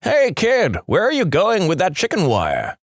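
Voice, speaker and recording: A man voicing a cranky old man on his porch, who hollers in a high, cracked voice. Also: huge pitch swings, unhurried, a bit bright, no room sound, clean studio sound, full character voice. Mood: hollering.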